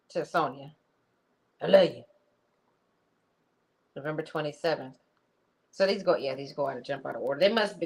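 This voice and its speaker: A woman's voice: sits low, a bit bright. A woman doing a comic dramatic reading, dropping wry, chatty asides in a casual way. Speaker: comic reader.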